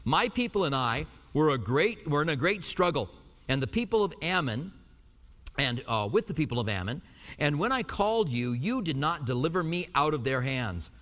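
A pastor from Albuquerque teaching verse by verse, reading scripture slowly and then explaining it in a conversational way with light jokes. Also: male voice, fairly high pitch, very animated, fairly bright tone. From Albuquerque, New Mexico. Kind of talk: verse-by-verse sermon. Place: church in Tucson. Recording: hall reverb.

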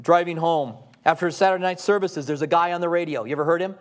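Male pastor with a high voice, preaching in a chatty style, full of rhetorical questions. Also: fairly even intonation, quick pace. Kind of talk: sermon.

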